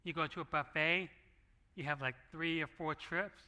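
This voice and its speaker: Bright-voiced man preaching conversationally. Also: on the high side, fairly even intonation, moderate pace. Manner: conversational preaching with acted asides. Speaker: pastor. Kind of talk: sermon. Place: church sanctuary. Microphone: handheld microphone.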